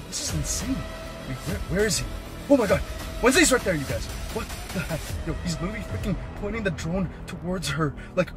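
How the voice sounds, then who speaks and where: A young male vlogger with a high, lively voice that leaps around as he narrates in excited bursts. He keeps exclaiming and calling out to his viewers, with faint music playing underneath. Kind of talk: excited live commentary.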